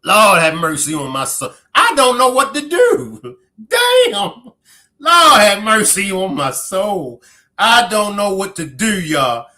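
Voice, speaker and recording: High, animated man reacting. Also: measured pace. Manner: laughing, exclaiming, breaking off mid-sentence. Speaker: streamer reacting to a clip. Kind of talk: live reaction commentary.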